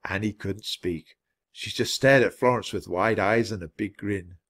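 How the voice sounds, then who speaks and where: A man reading a children's chapter book aloud with expressive storytelling. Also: fairly low pitch, unhurried. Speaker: storybook reader.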